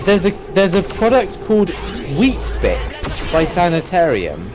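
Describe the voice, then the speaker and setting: A man's voice: sits high, wildly swooping pitch, a little slow, music in the background, poor audio. A man chatting casually on a live stream, giggling as he reads search results aloud. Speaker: streamer co-host.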